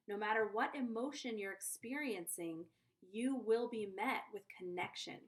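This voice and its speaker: Earnest, chatty woman vlogging advice. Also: fairly high pitch. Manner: chatty and earnest, often checks in with the viewer. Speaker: conscious parenting coach. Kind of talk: casual advice vlog to camera.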